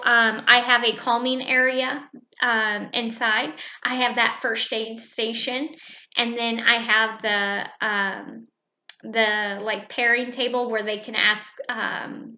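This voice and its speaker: A woman teacher calmly explaining how she runs her classroom, speaking in a measured way with frequent "um"s. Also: on the high side. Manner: calm, measured, with many fillers. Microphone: webcam. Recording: echoey room.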